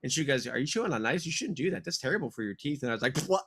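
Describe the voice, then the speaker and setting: A man in his thirties co-hosting a podcast, telling a long story in loose casual chat. His voice sits at an ordinary middle pitch, and he swears freely and trails into laughs as he rambles on. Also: sing-song, rapid-fire, a bit bright, a little hiss or hum. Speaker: podcast co-host.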